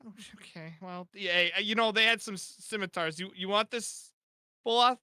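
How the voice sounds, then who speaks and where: A man joking through a tabletop game session in a high, very bright voice. The sound is close and dry. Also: clear, resonant tone, no echo. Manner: playful, joking, quick to laugh. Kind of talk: casual game banter.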